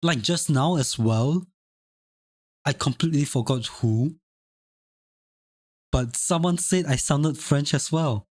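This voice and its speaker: A man's voice: fairly high pitch, takes it slowly, long pauses, no room sound, studio quality. A young man from Singapore chatting casually on a live stream, reading chat aloud, rambling and repeating himself. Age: young adult. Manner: rambling, repeats phrases, chuckles often.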